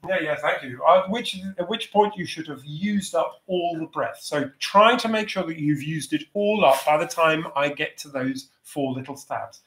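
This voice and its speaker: A man leading a choir's vocal warm-up over a video call, giving gentle, encouraging instructions. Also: fairly high pitch, moderate pace, hardly any pauses, echoey room.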